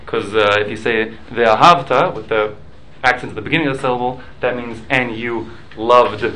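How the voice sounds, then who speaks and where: Halting man teaching a Talmud class. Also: medium pitch, steady tone, pushed and bright, poor audio. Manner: halting, repeats words, explains with examples.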